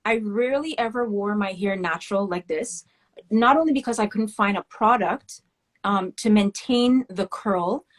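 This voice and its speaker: A woman of West Indian heritage talks openly in a relaxed interview, her voice sitting at an ordinary middle pitch. She tells stories in an animated way, with candid asides. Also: moderate pace. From West Indian family. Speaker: guest, children's book author. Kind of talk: casual interview talk.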